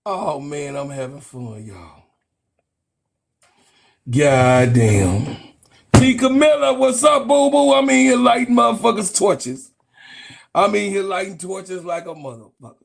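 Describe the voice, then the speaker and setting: A man hosting a sports channel, ranting in a profane, excitable way and laughing through his talk. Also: a little high, unhurried, vocal fry, pauses often.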